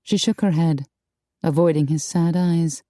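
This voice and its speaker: Brief: expressive female romance narrator, warm and close, dry booth. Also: low-pitched, measured pace, dry recording. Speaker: audiobook narrator. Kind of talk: scripted narration.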